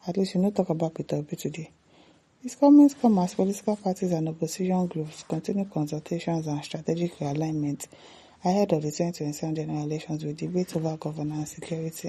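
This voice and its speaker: A Nigerian woman hosts an online show and reads viewer comments aloud, answering each one in a lively way and slipping into Pidgin. Her voice is low, mellow and a little husky. She talks casually, as if chatting with her audience. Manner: animated, switches into Pidgin asides. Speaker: host reading viewer comments.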